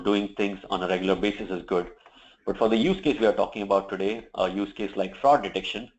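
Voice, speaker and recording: Male presenter, deep voice, steady explanatory software walkthrough, dull lo-fi webinar sound. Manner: steady explanatory, occasional fillers. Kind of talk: product demo walkthrough.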